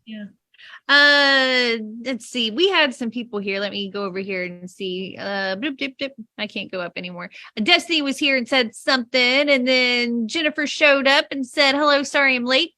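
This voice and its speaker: A woman co-host with a high, bright voice reads viewer comments aloud and offers quick agreement. Her recording is dry and close. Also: no echo. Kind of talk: livestream co-hosting.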